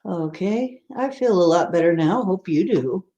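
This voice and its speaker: A woman's voice: fairly low pitch, animated, a little slow, mellow, lo-fi sound. A woman hosting a livestream in casual chat, playfully teasing and answering her viewers' comments. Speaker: livestream host.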